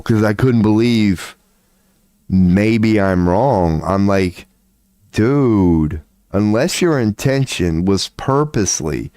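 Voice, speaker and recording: A man's voice: dry recording, clean studio sound. A man ranting casually on a livestream, where he also offers tarot readings, profane and rambling, swinging his voice up and down as he gets worked up. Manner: excitable, profane, rambling with big swings in pitch.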